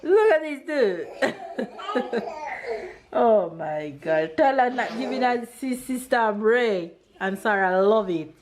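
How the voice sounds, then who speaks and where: Filming a laid-back family vlog in her kitchen, a Jamaican woman in her thirties speaks slowly and animatedly in a higher voice, with background noise around her. She teases her children with sing-song quiz questions.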